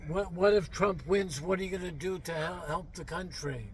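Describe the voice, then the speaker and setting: Male interviewer, comedy sketch, halting questions, false starts, slightly high voice. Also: a little hiss or hum. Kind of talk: comic interview.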